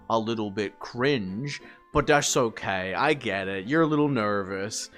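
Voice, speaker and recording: A man streaming live, rambling through animated work stories to his chat, swearing and laughing as he goes. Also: fairly low pitch, a little slow, soft background music.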